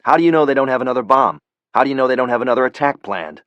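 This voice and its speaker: A man's voice: mid-range voice, lively intonation, racing, fairly bright tone, dry recording, dull audio, voice pushed up, lightly acted. A man voicing a blunt, furious male CIA operative who curses and speaks with cold anger. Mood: angry.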